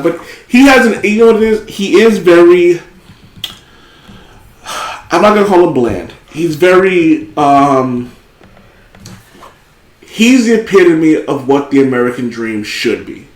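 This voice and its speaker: A man's voice: on the high side, takes it slowly. Profane, rambling man in an echoey room. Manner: rambling, profane, animated storytelling. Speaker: podcast host. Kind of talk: casual chat.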